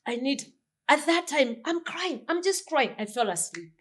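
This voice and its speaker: A middle-aged woman from Kenya, a guest telling a personal story in a casual interview, repeating phrases and dropping from loud bursts to hushed tones. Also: high voice, very animated, moderate pace.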